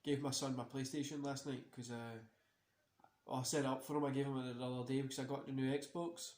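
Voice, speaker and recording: A man's voice: medium pitch, little pitch movement, brisk, a little mellow. A tired man hosting a casual wrestling watch-along, rambling and swearing freely between many fillers. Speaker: host. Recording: roomy echo.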